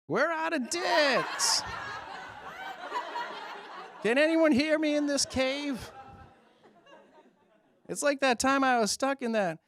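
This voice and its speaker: A man voicing a shrill female Yeti in a high drawn-out falsetto for a stand-up bit. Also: noisy background, heavily acted. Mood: shrill, whiny.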